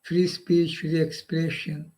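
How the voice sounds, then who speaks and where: Slow-talking man, high voice, halting phrases. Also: flat delivery, a little mellow, rough recording. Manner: halting, short phrases with rhetorical "huh?". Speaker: live stream host. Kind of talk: political monologue.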